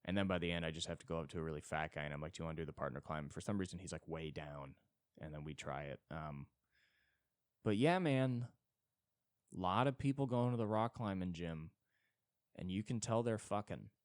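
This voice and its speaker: A man's voice: moderate pace, no room sound, studio quality. A man hosting his own podcast alone, telling crude, self-deprecating stories in a rambling comedic monologue. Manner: animated, jumps between high and low tones. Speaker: solo podcast host. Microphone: podcast mic.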